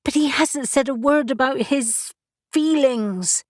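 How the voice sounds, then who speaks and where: A woman's voice: sits high, slow pace, dry recording, studio quality, pitched above the performer's own voice. A woman voicing an indignant, protective young witch. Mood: defensive. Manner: indignant, insistent.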